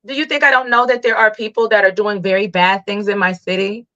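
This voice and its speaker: A woman's voice: mid-range voice, fast, dull audio. A woman guest who works as a Reiki healer, talking casually in an interview and acting out the voices of people in her stories. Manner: animated storyteller, acts out quoted voices.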